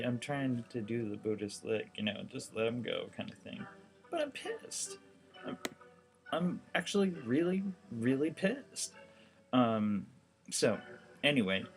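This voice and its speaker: A man talking casually to the camera about his documentary crowdfunding campaign, rambling and candid, with lots of fillers and a wry edge. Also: mid-range voice.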